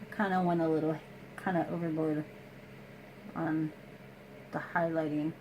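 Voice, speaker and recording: A woman's voice: low-pitched, flat delivery, moderate pace, darkish tone, slight background noise, rough recording. A woman chatting casually through a makeup tutorial at home, explaining each step and joking about herself. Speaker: beauty vlogger.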